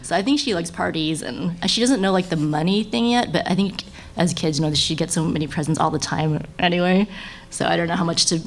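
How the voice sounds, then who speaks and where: A woman's voice: lowish voice, a little fast. A woman in her thirties, a guest on a live podcast panel, talking casually with lots of fillers and frequent laughter.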